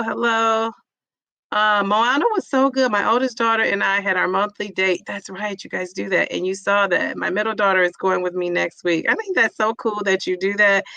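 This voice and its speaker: Chatty woman with a gravelly voice. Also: mid-range voice, bright, forceful tone, no room sound. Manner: chatty, reads viewer comments aloud and cheers them on. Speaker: vlogger hosting a live chat. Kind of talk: casual live-stream chat.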